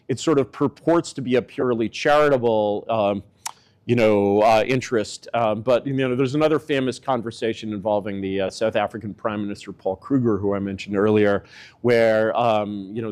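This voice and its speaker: In a darkish tone, a man offers loose, rambling political commentary full of filler words, his pitch swinging up and down to stress his points.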